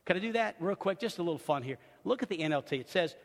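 Older male pastor, high voice, swinging pitch, long church-hall reverb. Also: fast talker, few pauses. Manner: animated storytelling, acts out loud screams. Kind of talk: sermon.

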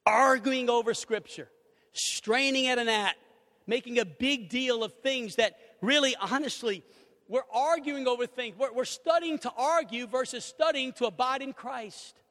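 A middle-aged man preaching a sermon, animated, acting out little conversations and swinging between loud and hushed. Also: very high voice, moderate pace. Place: church sanctuary. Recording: reverberant hall.

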